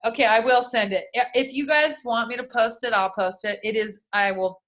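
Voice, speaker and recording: Bright-voiced woman telling a profane story. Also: on the high side, moderate pace. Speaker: podcast co-host. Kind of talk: casual chat.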